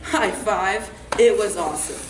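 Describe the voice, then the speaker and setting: A woman's voice: mid-range voice, a little slow, natural voice. A young woman acting out a reckless, rambling teen troublemaker in a comic stage monologue, live in a theater. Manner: breezy, rambling, full of "like" and "right?". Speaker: student actor in a stage monologue. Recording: echoey theater hall, faint hiss.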